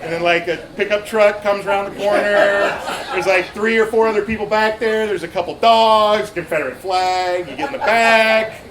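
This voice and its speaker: A man's voice: high voice, fairly even intonation, normal speed, few pauses. A man from Ohio doing a loose, rambling stand-up set at a bar open mic, full of fillers and restarts. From Ohio, USA. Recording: echoey bar room with crowd noise.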